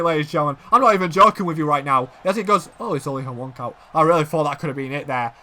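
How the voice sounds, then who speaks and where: A man delivers excitable play-by-play commentary on a wrestling video game, sinking to low murmurs and rising to shouted exclamations. He talks very fast with hardly any pauses.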